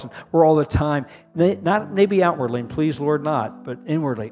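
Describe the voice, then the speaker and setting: A man's voice: medium pitch, unhurried, darkish tone, soft background music. A man, a pastor, leading an earnest sermon prayer, calling the congregation to repeat responses after him.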